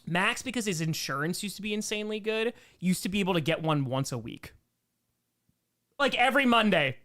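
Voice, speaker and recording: A man's voice: high voice, lively intonation, a little fast, sharp tone. A young man hosting a casual livestream Q&A, reading comments aloud with sarcastic jokes and frequent laughs. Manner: joking, sarcastic, laughs often. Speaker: streamer hosting a members Q&A.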